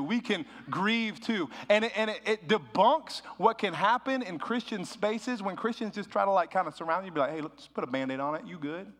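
A pastor preaches a sermon in a conversational way, breaking into animated bursts of emphasis. His voice sits high, and a long reverb tail trails his words.

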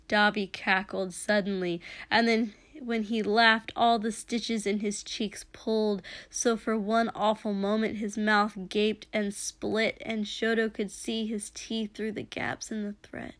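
A woman narrating a story aloud in a slow, measured way. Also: medium pitch, flat delivery, fairly bright tone, no room sound. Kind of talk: reading fan fiction aloud.

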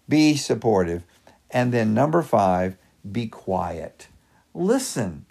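A man's voice: medium pitch, big pitch swings, measured pace, vocal fry, a little mellow, slightly rough. A middle-aged man hosting a devotional podcast, giving earnest, practical advice point by point. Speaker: podcast host and pastor.

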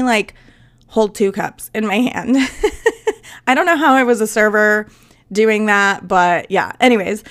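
This young woman's voice is fairly high, fairly bright, and smooth. She's a flight attendant running her own podcast, spinning stories in a relaxed, chatty monologue and laughing while imitating passengers.

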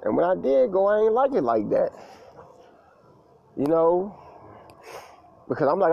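A man's voice: sits high, very animated, a little slow, gravelly, long pauses, no room sound, muffled recording. A grown man telling stories in a casual monologue, with loose slangy talk full of fillers and repeats. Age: adult, past school age.

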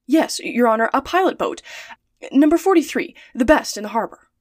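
A woman's voice: on the high side, expressive, moderate pace, a little mellow. Woman reader playing a keen, bowing dockside sailor man, storybook. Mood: eager. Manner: eager salesman tone. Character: eager, deferential harbour sailor man.

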